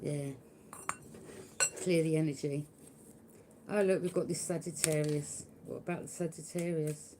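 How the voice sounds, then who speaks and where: A woman with a deep voice gives a live tarot reading, speaking unhurriedly with fairly even intonation and long pauses over background noise. She taunts unseen enemies, laughs mockingly at them and keeps checking in with "yeah?".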